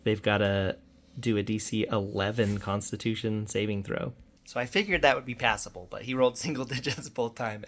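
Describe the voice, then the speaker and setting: A man's voice: fairly low pitch, pushed and bright. A middle-aged man casually recapping a tabletop game session he ran for his son, chatty and self-deprecating. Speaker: dungeon master recapping his son's game.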